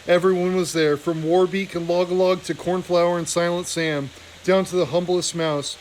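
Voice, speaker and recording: Guy reading a book out loud, kinda high voice, keeps restarting lines, faint background noise. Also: rough recording. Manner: unpolished reading with restarts and self-corrections. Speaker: reader. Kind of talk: reading a novel aloud.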